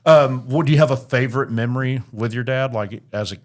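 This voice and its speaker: Middle-aged man, podcast host, playful teasing interviewer, mid-pitched voice. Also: brisk. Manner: joking, teasing, tells dad jokes. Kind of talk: casual interview chat.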